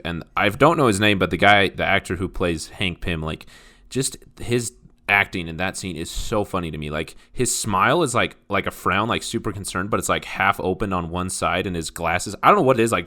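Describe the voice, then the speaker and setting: A man co-hosting a podcast in casual chat, excitable and laughing, jumping into a high voice when he quotes lines. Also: fairly quick. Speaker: podcast co-host.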